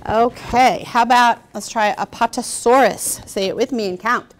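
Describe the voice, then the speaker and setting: A woman's voice: fairly high pitch, moderate pace. A young woman hosting a children's show, teaching young kids in a patient, encouraging way and asking them questions.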